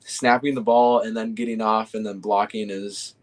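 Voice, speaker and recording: A young man chatting casually and easily, often pausing with fillers and restarting his sentences. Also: on the low side, flat delivery. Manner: easygoing, hesitant with fillers and restarts. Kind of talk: casual chat.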